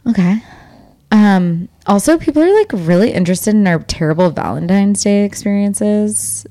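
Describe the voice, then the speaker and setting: A woman's voice: mid-range voice, lively intonation, normal speed, dark tone. A young woman co-hosting a podcast, chatting casually and animatedly with lots of fillers. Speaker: podcast co-host. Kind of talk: casual chat.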